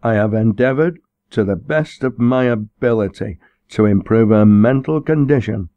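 A man's voice: on the low side, moderate pace, mellow, no room sound, lo-fi sound, voice pushed up, natural voice. A man voicing a self-important country rector who speaks in a formal, stiff and sonorous way.

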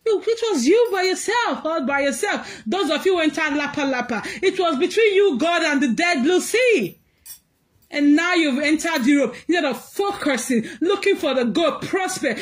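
A Nigerian woman with a very high, piercing voice rants to her viewers. She slips between pidgin and English, laughs through her sentences and breaks into loud scolding bursts. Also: slight background noise. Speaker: social media commentator. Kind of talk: ranting vlog commentary.

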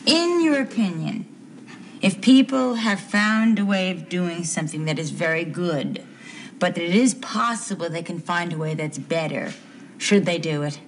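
An actress playing an earnest, confused housewife in a 1970s TV soap, speaking in a hesitant, stammering way. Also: female voice, on the low side, moderate pace, slight background noise, natural voice.

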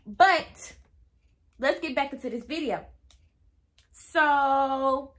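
A woman's voice: high voice, extremely slow, pauses often. A young woman telling a casual storytime to her viewers, chatty and easily sidetracked, acting out quoted dialogue. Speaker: vlogger.

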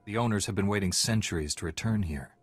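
An actor voicing a calm, earnest male Jedi Knight hero in a video game's dialogue. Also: fairly low pitch, fast, slightly rough, soft background music.

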